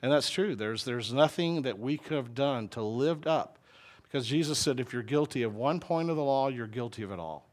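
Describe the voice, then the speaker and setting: A man's voice: medium pitch, expressive, normal speed. A middle-aged man with a Southern US accent, a pastor preaching a conversational, folksy sermon and asking the congregation questions.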